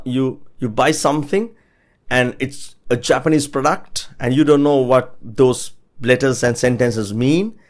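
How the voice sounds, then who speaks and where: A man teaching an English lesson, upbeat and encouraging, who drills everyday phrases by saying them slowly and repeating them. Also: mid-range voice.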